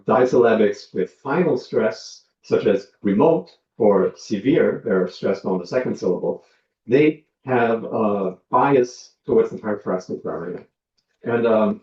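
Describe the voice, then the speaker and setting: A man lecturing on linguistics, talking in a measured way with many ums and uhs as he works through examples. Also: mid-range voice, a little mellow. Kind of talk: academic lecture. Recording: dull lo-fi sound, roomy, from a distance.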